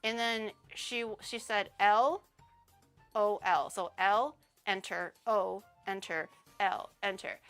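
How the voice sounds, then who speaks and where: A woman's voice: mid-range voice, steady tone, takes it slowly, a bit bright, faint music behind. A young woman streamer telling a story in a casual, rambling way, often laughing as she goes.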